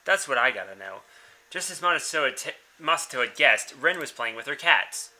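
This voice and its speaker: A man's voice: mid-range voice, very animated, brisk, sharp tone. A young man hosting a let's-play, reading a visual novel aloud and commenting in a casual, blunt way, swearing freely.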